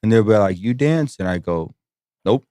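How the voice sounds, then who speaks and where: Low-voiced man telling rambling stories. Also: fairly even intonation, a little fast, dark tone, smooth, no room sound, studio quality. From Las Vegas. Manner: rambling storytelling, swears a lot, acts out quotes. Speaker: podcast guest, strip club host. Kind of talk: casual podcast chat.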